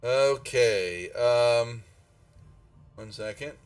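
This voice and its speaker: A man runs a tabletop game, talking in halting stops and starts at a mid pitch. He sounds a bit distant from the mic in a dry room, with faint music underneath. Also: clean tone, no echo. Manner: halting, with many restarts. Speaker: game master. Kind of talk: narrating a tabletop game on a live stream.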